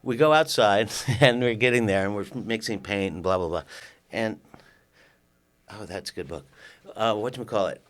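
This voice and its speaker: Animated older man telling a story. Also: lowish voice, moderate pace. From California. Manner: animated, acts out dialogue, swears casually. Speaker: podcast guest. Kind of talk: casual storytelling.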